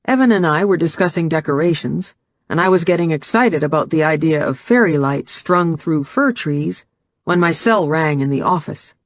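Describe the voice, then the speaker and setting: A man reading a first-person novel aloud as audiobook narration, in a measured, steady storytelling manner on a close studio mic. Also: a little high, no room sound.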